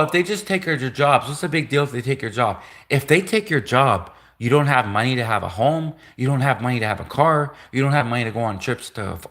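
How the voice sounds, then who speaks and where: A man's voice: fairly high pitch, a bit bright. A man in his forties ranting on a livestream, emphatic and repetitive. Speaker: livestream host. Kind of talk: livestream rant.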